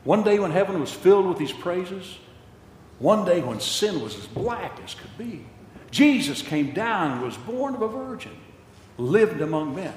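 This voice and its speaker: A man's voice: high voice, very animated, unhurried, darkish tone, a little hiss or hum. An older man preaching a sermon with passion, repeating phrases for emphasis, recorded in a large church hall. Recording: echoey hall with long reverb.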